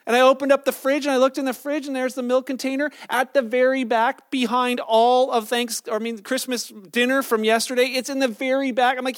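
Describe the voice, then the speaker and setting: Preaching in a relaxed storytelling style, this man, a father and pastor, keeps correcting himself and starting sentences over. His very high voice holds a level tone and moves a little fast with few pauses. It's a dry, studio-quality recording.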